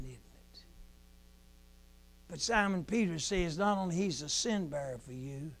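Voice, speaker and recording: A man preaching a sermon, repeating key phrases in a rhythmic cadence, swinging from shouted emphasis to soft asides. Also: a little high, vocal fry.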